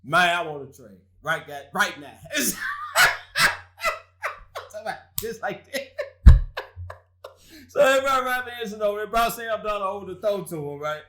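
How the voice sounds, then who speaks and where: A man's voice: high voice, expressive, fast talker, hardly any pauses, pushed and bright. A man hosting a casual sports talk show, trash-talking rival fans with frequent laughter.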